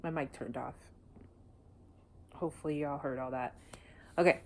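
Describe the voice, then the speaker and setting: A woman's voice: deep voice, steady tone, normal speed, a little mellow, a little hiss or hum. A woman doing a casual tarot reading, blunt and emotional, swearing freely. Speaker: tarot reader.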